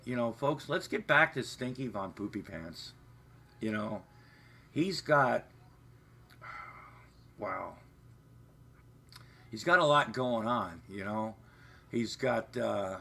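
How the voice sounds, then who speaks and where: A man's voice: fairly low pitch, pushed and bright. A man hosting a livestream from home, chatting in a rambling, profane, meandering way. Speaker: livestream host. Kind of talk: rambling live-stream chat. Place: home, off camera.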